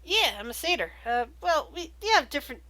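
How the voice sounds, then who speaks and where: An easygoing, pipe-smoking male satyr in a tabletop game, as a woman puts him on. He talks in a halting way full of fillers, in a bright, slightly high voice. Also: sing-song, full character voice. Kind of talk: tabletop role-play voice.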